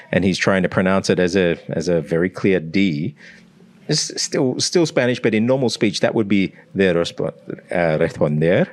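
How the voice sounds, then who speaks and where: An Australian man working as a language coach, explaining pronunciation and demonstrating sounds aloud in a teacherly way. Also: sits low. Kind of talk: explanatory analysis.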